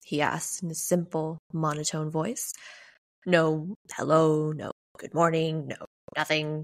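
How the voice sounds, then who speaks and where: A woman reads a storybook tale aloud for a podcast. Her voice sits a little low, and she paces the narration with measured, dramatic pauses. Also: level tone.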